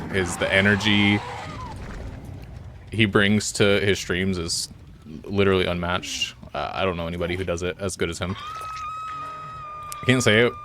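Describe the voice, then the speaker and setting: A man's voice: low-pitched, fairly bright tone, a little hiss or hum. A young man streaming a game, chatting casually with his viewers in a laid-back, rambling way. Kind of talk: casual live-stream chat while gaming.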